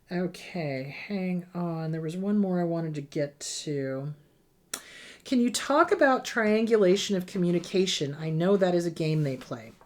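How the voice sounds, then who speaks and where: A middle-aged woman therapist answering viewer questions in a blunt, emphatic advice talk, sometimes mocking abusers in put-on voices. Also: mid-range voice.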